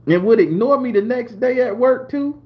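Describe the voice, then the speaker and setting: A man's voice: very high-pitched, lively intonation, normal speed. A man in his forties from southern Florida, a channel host telling personal stories and chatting with viewers, laughing often and swearing freely. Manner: loud laughing, swearing, talks to chat viewers. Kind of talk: live-stream storytelling chat.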